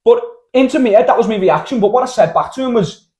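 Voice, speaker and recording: A young man with a Scouse accent, co-hosting a casual podcast, bantering, laughing and swearing as he tells stories. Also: very high-pitched. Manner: fast, laughing, swearing, loud when excited. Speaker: podcast co-host.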